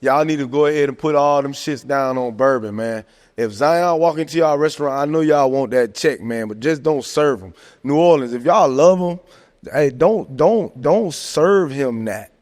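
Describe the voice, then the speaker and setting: A man talking sports casually on a podcast, animated and joking, tossing in "man" and "hey, look" constantly. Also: medium pitch, normal speed. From American South. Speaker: podcast host. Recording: long hall reverb.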